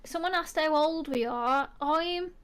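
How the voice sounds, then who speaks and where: Thirties woman, Black Country accent, bright high chatty voice, giggles easily. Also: a little slow. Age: 30s. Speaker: co-host. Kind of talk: casual chat.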